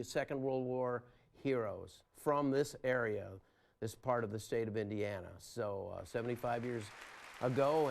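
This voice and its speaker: A man from Toronto hosting a local kids' show, chatting in an affable way and answering with lots of quick yeses. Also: medium pitch. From Toronto, Canada. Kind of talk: casual studio chat with guests and viewers. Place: local public access TV studio.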